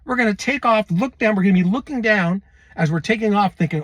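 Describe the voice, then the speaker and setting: A man's voice: high-pitched, lively intonation, quick pace, fairly bright tone, no echo. A man hosting a prophecy video, preaching to camera with exuberance, calling out to viewers and laughing often. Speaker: end-times prophecy video host.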